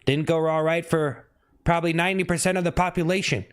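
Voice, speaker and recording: Fast-talking with a fairly high, steady voice that is clear and resonant, this young man runs a casual livestream. He teases chat members by name and repeats his jokes again and again.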